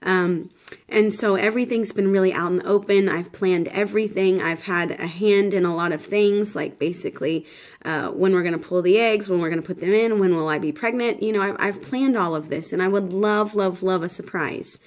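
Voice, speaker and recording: A woman in her thirties chats to the camera about her week in a loose, rambling way, full of "um"s and restarts. She sounds tired and a little shaky, and her voice sits at an ordinary middle pitch. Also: a little fast. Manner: chatty, rambling, many fillers and restarts. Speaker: vlogger. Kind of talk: casual pregnancy update vlog.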